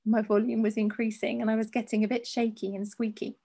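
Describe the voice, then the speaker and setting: A woman hosting a podcast, reading a listener's story aloud in an expressive, dramatic way. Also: a little high, a little fast, creaky. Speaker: podcast host.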